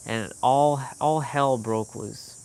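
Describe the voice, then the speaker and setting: A man's voice: medium pitch, slow, a little mellow, a little hiss or hum. A young man vlogging, telling an emotional personal story in a candid, swearing manner. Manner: candid, swearing, quoting others in heated bursts. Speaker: fitness vlogger.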